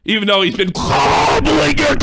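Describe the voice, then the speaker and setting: An angry man in a profane, accusing rant, sometimes shouting. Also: high voice, very animated, normal speed, vocal fry, heavy background noise. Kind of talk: heated rant.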